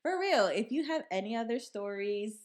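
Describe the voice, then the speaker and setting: A woman's voice: fairly high pitch, expressive, normal speed. Brief: young woman podcast host, casual profane storyteller, acts out quotes.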